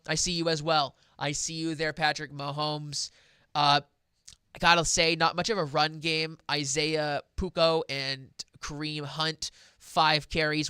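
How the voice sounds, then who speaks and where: A young man hosting a sports podcast, rambling excitedly about football with lots of fillers and restarts. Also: a little high, clean tone, no room sound, clean studio sound. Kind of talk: casual football talk.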